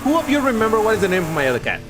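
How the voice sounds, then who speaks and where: A man's voice: high voice, sing-song, racing, background noise. A young man chatting casually while streaming a racing game, talking to his viewers and his cat. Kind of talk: casual live-stream commentary.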